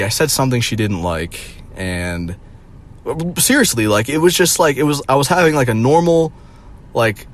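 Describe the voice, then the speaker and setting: A young man ranting casually to his viewers, rambling with lots of fillers and swearing. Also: fairly low pitch. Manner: rambling, profane, heavy on "like". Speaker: vlogger. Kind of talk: casual vlog rant.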